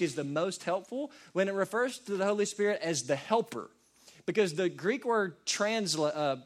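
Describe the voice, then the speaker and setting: A man preaching a sermon, animated and folksy, swinging from loud emphatic peaks to quiet asides. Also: a little high. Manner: preaches verse by verse, folksy and conversational. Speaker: pastor.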